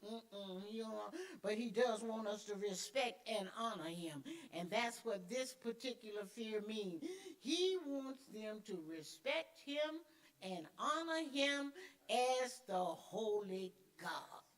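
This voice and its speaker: A woman's voice: medium pitch, animated, slow. A middle-aged woman teaching a church Sunday school class, emphatic and conversational, repeating key words and answering herself with little affirmations. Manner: conversational with call-and-response fillers.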